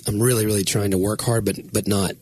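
A man's voice: fairly low pitch, fairly even intonation, quick pace, a little mellow, slightly rough, dry recording. A man co-hosting a podcast, telling a rambling, self-deprecating story in casual chat. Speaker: podcast co-host and writer.

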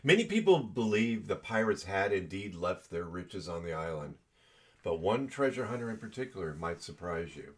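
A man's voice: deep voice, big pitch swings, moderate pace. A man co-hosting a podcast, reading history aloud with dry joking asides. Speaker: podcast co-host. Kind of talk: casual chat and reading aloud.

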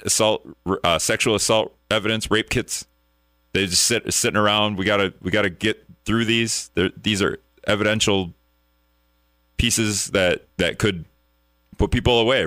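Deep, bright-voiced talk radio host. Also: male voice, clean tone, no echo, studio quality. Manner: wry, casual, chuckles at absurd news. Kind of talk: call-in radio talk, reading news aloud.

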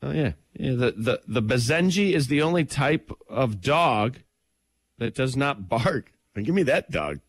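A man co-hosting a morning radio show, chatting casually and running through sports with excitable enthusiasm in a studio. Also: medium pitch, no room sound. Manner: excitable, enthusiastic, quick rants. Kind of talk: casual chat and sports rundown.

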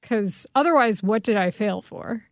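A woman's voice: medium pitch, lively intonation, measured pace, no room sound, clean studio sound. A woman broadcaster as a podcast guest, speaking in a frank, reassuring and supportive way. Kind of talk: candid podcast conversation.

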